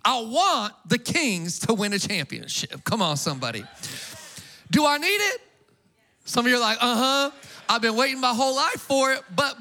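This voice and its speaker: A man preaching an Easter sermon to a congregation, energetic and casual, with call-and-response. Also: high voice. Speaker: pastor.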